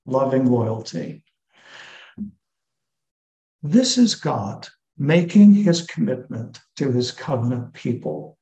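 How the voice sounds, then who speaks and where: A man giving an earnest, teacherly church talk to married couples, slowing down to stress key words. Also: mid-range voice, a little mellow. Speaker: lecturer on marriage and scripture. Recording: echoey hall.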